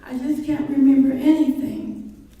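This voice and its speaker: A woman's voice: sits high, unhurried, dark tone. A woman voicing a forgetful, frantic older man complaining to his doctor in a joke, recorded from far off in an echoey room. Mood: anxious.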